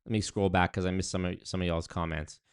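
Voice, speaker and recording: A young man with a lowish voice talks casually to his livestream audience. He rambles through viewer comments, restarting sentences and leaning on fillers as he goes. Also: little pitch movement, fast talker, clean tone, no echo, clean studio sound. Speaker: streamer reading chat.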